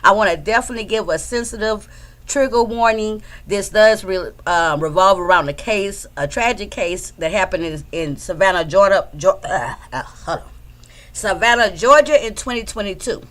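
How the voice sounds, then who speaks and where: A woman's voice: mid-range voice, expressive, normal speed, a bit bright. A woman hosting a casual livestream from home, chatting loosely and greeting her viewers by name. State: a bit out of breath. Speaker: livestream host.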